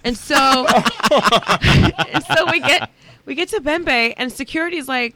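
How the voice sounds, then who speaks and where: A woman's voice: high voice, takes it slowly. A woman comedian chatting as a podcast guest, telling stories animatedly, swearing and saying "like" a lot. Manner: animated, swearing, many "like"s, acts out quotes. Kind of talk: casual podcast chat, storytelling.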